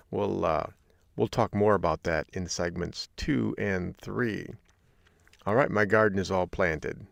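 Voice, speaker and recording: A man's voice: deep voice, gravelly, dry recording, studio quality. A man from Michigan hosting a podcast, talking in an upbeat, jokey, folksy way. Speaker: podcast host. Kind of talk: solo podcast talk.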